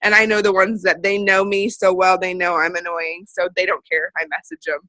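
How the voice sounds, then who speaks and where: A woman from central Illinois speaks as a guest on a video call for a sales team. Her voice is bright and forward, and the sound is dry and close. She is chatty and keeps slipping into little acted-out conversations. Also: on the low side, flat delivery, a little fast, no room sound, low-quality recording. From central Illinois, USA. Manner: chatty, acts out quoted conversations.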